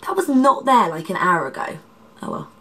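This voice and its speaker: A woman, a makeup artist, chatting through a makeup tutorial with a congested, nasal, slightly husky voice and rambling asides. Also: medium pitch, very animated, normal speed, a bit bright. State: congested, nasal from hay fever.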